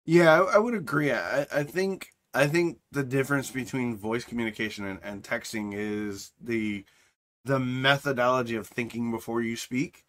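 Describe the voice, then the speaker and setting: Middle-aged dad type on a podcast, rambly and animated, does little voices in his stories. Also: medium pitch, normal speed. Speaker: podcast co-host and streamer. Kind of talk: casual chat.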